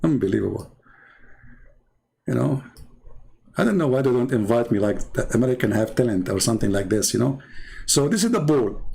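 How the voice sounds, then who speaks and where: A man's voice: fairly low pitch, gravelly, a little mellow, breathy edge. A man speaking in mocking, sarcastic commentary in non-native English, drawing on screen as he talks.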